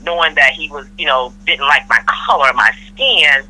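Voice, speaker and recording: Bright-voiced woman telling a story. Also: low-pitched, normal speed, rough recording. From Florida. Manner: animated storyteller acting out quotes. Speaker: podcast guest, mother of host. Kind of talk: casual storytelling chat.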